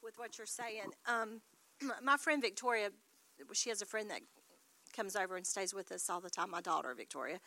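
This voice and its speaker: A woman telling an animated testimony story and acting out what people said. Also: mid-range voice, normal speed, dry recording. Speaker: congregation member sharing a testimony.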